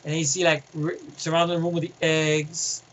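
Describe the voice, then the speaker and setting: High, bright-voiced man ranting about a film. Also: a little fast, a little hiss or hum, rough recording. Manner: excitable, profane, restarts often, filler "and everything like that". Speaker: film reviewer. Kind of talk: casual rambling film review.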